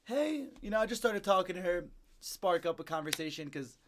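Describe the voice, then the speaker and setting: A young man in his twenties, an independent musician chatting in an interview and telling an animated story, acting out what people said. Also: high voice, a little fast, slight background noise.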